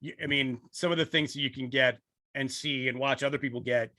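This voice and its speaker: A man's voice: medium pitch, steady tone, a little fast, sharp tone, no echo, clean studio sound. A man hosting a podcast, chatting casually and reacting with short, eager interjections. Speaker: podcast host.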